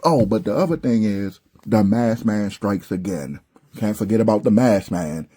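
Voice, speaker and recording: Exasperated man ranting, low dark voice. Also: moderate pace. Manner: exasperated, blunt, profane, slangy. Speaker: wrestling commentary vlogger. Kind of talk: ranting show review.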